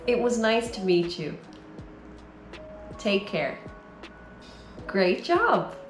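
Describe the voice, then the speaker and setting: A woman from Ireland with an Irish accent, giving a slow, careful English lesson for beginners and encouraging her learners. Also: medium pitch, very animated, reverberant, faint music behind. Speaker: English teacher.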